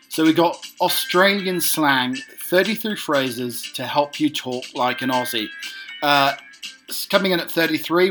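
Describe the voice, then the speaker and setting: A man hosting a casual segment, reading out lists haltingly with many ums and uhs. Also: fairly high pitch, fairly bright tone, soft background music. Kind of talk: casual read-through of lists.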